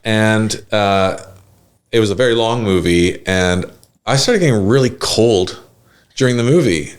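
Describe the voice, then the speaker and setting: Podcast guest, male, low voice, loose anecdotal delivery with lots of fillers. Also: animated, measured pace. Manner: rambling storyteller with many fillers. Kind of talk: casual chat.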